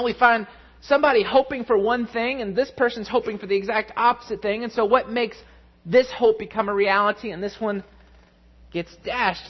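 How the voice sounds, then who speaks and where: A man preaching a sermon, telling a family story with lively, animated delivery. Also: high-pitched, highs cut off. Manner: storytelling, animated, mimics voices in anecdotes. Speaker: pastor.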